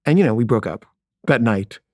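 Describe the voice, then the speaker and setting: A man's voice: medium pitch, lively intonation, brisk, a little mellow, no echo, studio quality. A middle-aged man telling a candid personal story in a matter-of-fact way, with wry asides.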